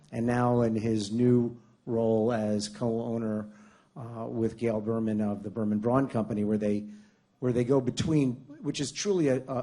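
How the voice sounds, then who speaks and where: A man's voice: medium pitch, mellow. A man interviewing a guest on a conference stage, introducing him in a loose, chatty way. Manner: chatty, loose, with fillers and restarts. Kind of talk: onstage interview.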